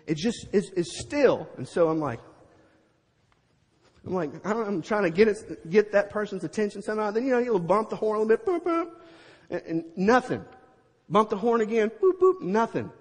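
Middle-aged male preacher, high husky voice, lively storyteller, echoing hall. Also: normal speed. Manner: animated, acts out scenes with sound effects. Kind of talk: storytelling sermon.

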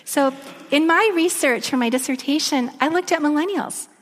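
A woman giving a sermon, telling a story and dropping to a soft near-whisper at emotional moments. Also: high voice, normal speed. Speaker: speaker. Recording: echoey long reverb of a large room.

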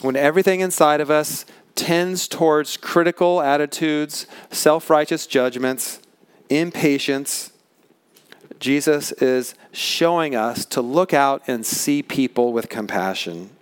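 Pastor guy giving an earnest sermon, kinda high voice, dry close sound, leans hard on key words. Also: clean tone, no echo. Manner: earnest, emphatic preaching with measured slow stresses. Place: large tent.

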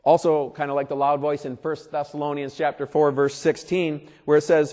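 A pastor preaching a sermon in a conversational way, repeating phrases and swelling loud for emphasis. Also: male voice, on the high side, level tone, normal speed, hardly any pauses. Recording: long reverb of a large hall.

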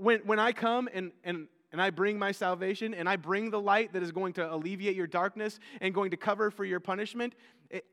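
A preacher doing God, low and solemn. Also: male voice, a bit bright. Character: God speaking, a calm, commanding male deity. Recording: long hall reverb.

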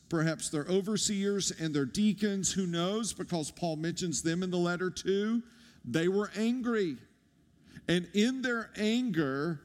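High, slow-speaking man preaching. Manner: animated, conversational preaching with audience asides. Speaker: pastor. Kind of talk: sermon. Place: church sanctuary. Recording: long hall reverb.

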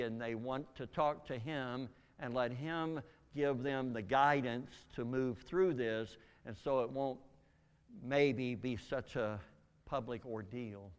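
An older man giving a spoken testimony, telling a story earnestly with halting restarts. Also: medium pitch, smooth. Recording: long reverb in a large hall.

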